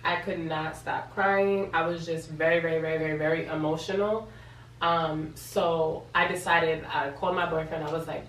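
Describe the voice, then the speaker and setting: A young woman from New York tells a personal story in a casual vlog, emotional and repeating words for emphasis. Her voice sits fairly low. The room is echoey, she is a bit away from the mic, and a faint hum sits behind her. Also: steady tone, normal speed, a bit bright, distant mic. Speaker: vlogger.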